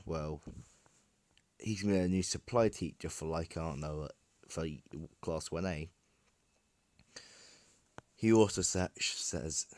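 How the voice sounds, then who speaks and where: A man's voice: sits low, a little mellow, no room sound. A man casually improvising a fan story, rambling with many fillers and restarts, recorded on a phone.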